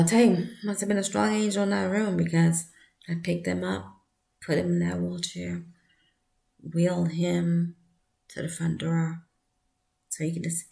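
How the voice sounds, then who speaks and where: A woman giving a heartfelt personal testimony, speaking softly and often dropping to a breathy near-whisper, with earnest appeals to the listener. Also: lowish voice. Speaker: vlogger sharing a personal story.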